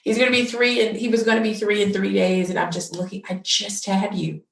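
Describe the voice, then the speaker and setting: Brief: woman podcast host, effusive and chatty, gravelly fry, set back from the mic. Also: medium pitch, fairly quick. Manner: effusive, animated, laughs easily. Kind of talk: casual conversational interview. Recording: roomy, distant from the mic.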